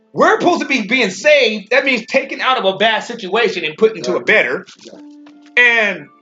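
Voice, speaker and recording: High-voiced man preaching over faint music. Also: pushed and bright. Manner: emphatic, repeats and restarts phrases, slows down reading verses. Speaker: Bible teacher. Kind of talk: informal scripture commentary. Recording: dull lo-fi recording with faint music.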